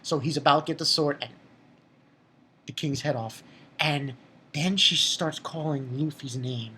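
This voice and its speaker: A woman's voice: low-pitched, unhurried, bright, forceful tone, a little hiss or hum. A young woman giving a casual, rambling recap and review of an anime episode, full of restarts and the odd swear.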